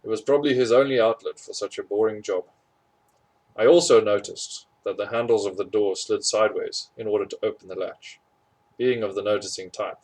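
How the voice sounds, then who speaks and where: A man's voice: fairly low pitch, steady tone, a little fast, darkish tone, rough recording. A man reading a storybook chapter aloud, amused by the story and correcting his own slips as he goes. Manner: amused, chuckles at funny parts, corrects slips. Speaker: audiobook reader.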